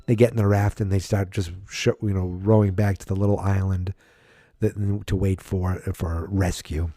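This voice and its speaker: A man's voice: low-pitched, flat delivery, moderate pace, mellow, dry recording. A man casually recapping a film on a podcast, acting out the characters' lines in mocking voices. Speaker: podcast host.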